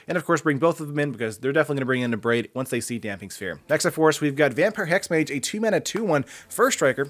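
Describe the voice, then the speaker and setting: A man hosting a card game channel, casually breaking down a deck and commentating his matches with lots of fillers. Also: medium pitch.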